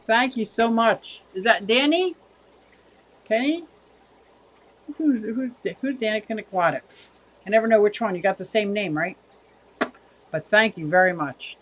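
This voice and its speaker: A woman's voice: medium pitch, unhurried, long pauses, fairly bright tone. A woman hosting a casual livestream, chatting with viewers in a rambling way and thanking them by name. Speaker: livestream host.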